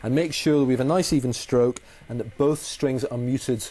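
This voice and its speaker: A man teaches guitar in a steady, mid-pitched voice. He explains each point with patience and method, going back over his key phrases. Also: moderate pace. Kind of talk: explaining guitar technique in a lesson.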